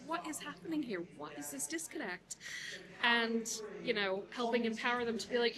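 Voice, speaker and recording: Animated New York woman over a crowd. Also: a little high. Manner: effusive, animated, quick asides. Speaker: guest. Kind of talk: casual interview at an event. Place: busy conference hall. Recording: noisy crowd at a busy event.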